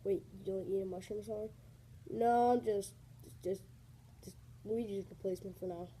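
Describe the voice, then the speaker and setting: A woman voicing a tiny male stand-in hero in a toy play skit, talking low, quiet and hesitant. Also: steady tone, a little fast, slight background noise, close to an everyday voice. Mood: sheepish. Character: tiny man, Luigi's stand-in, mumbling.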